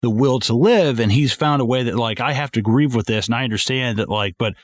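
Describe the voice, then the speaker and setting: A man's voice: mid-range voice, brisk, no echo, clean studio sound. A man rambling in a casual movie-discussion podcast, swearing freely and often restarting his sentences. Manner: rambling, profane, many restarts. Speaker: podcast host.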